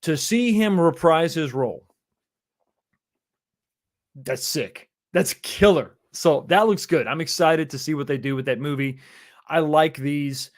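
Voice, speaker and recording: A man's voice: fairly high pitch, measured pace, long pauses. A man, hosting a casual livestream and chatting through viewer comments in an easygoing way. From Texas, USA. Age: 40s. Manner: chatty and easygoing, with frequent chuckles and repeated phrases. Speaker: livestream host.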